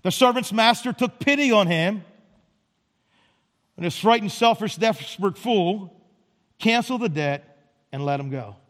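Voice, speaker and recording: Male pastor, emphatic sermon delivery, higher register, long church reverb. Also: animated, a little slow, long pauses, fairly bright tone. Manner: emphatic, repetitive preaching cadence. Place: church sanctuary.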